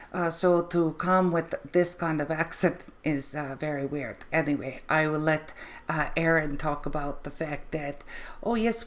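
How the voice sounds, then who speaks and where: A woman hosting an interview on a video call, speaking haltingly with many fillers and restarts. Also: deep voice. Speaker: host.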